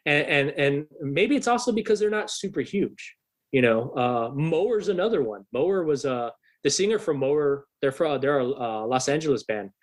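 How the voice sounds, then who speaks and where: A man's voice: a little high, expressive, normal speed. A young adult man, a guest on a podcast, telling a long profane anecdote in a casual, rambling way with lots of restarts. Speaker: podcast guest and rock musician.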